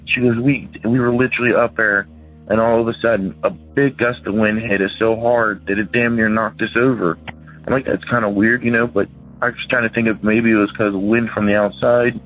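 Guy calling in w a ghost story, kinda rambly, does the voices, deepish, sounds like a phone line. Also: fairly even intonation, brisk. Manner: rambling, acts out quoted voices. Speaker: caller telling a ghost story. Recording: tinny phone line with faint music.

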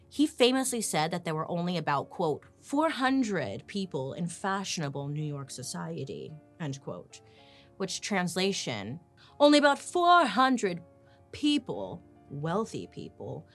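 A woman hosting a podcast, telling history in a sarcastic, casual way and swearing freely. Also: on the low side. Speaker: podcast host. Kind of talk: casual storytelling chat.

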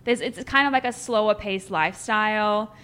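A woman with an Australian accent chatting casually as a guest, animated and full of fillers. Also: medium pitch, normal speed, clean tone. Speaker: guest actress. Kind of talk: casual chat.

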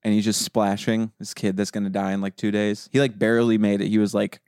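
A man with a somewhat low voice talks loosely with friends on a podcast, winding through his stories with plenty of "like". The sound is close and dry, with no room around him. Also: flat delivery, brisk, a little mellow, clean tone, no echo. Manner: rambling storyteller, heavy on "like". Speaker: podcast co-host. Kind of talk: casual group chat.

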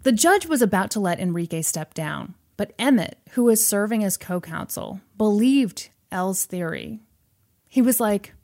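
A woman casually retelling a film's plot to a friend, acting out the characters' lines in quick asides. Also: mid-range voice, lively intonation, a little mellow. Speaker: podcast host retelling a film plot. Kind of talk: casual storytelling chat.

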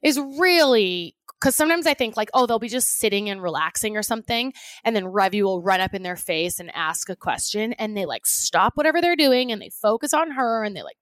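A woman's voice: mid-range voice, lively intonation, fairly quick, fairly bright tone, no room sound. A woman co-hosting a podcast, talking earnestly and reacting with enthusiasm in casual chat. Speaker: podcast co-host.

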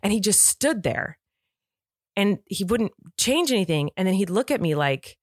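A woman in her thirties, a podcast co-host telling a story in casual chat, animated and laughing often. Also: medium pitch, moderate pace, no echo, studio quality.

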